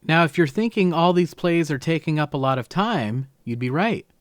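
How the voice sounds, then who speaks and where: A man's voice: a little high, animated, moderate pace, dry recording. Man breaking down game film, dry close mic. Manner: explanatory, emphatic on key words. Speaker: football film analyst.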